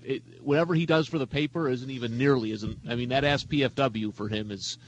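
A man's voice: mid-range voice, a little fast, dull audio, slight background noise. A man co-hosting a talk show who teases his colleagues in a rambling, casual way. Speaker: co-host. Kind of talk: casual chat.

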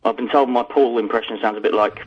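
A man phones in to a sports talk show and talks fast and freely. His voice comes through a dull, lo-fi line. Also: medium pitch, fairly even intonation, slightly rough. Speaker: caller. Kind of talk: casual phone-in chat.

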